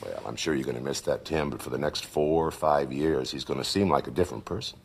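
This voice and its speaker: An actor playing a wise, philosophical middle-aged neighbor in a sitcom, thoughtful and erudite. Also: male voice, very deep voice, fast talker, vocal fry, slightly rough, full character voice. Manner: thoughtful, erudite, gently advising.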